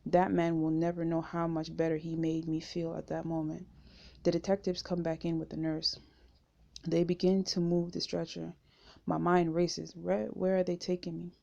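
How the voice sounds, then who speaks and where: A woman reading a memoir aloud in first person, steady and unhurried, on a dull lo-fi home recording. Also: fairly low pitch, vocal fry. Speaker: audiobook reader.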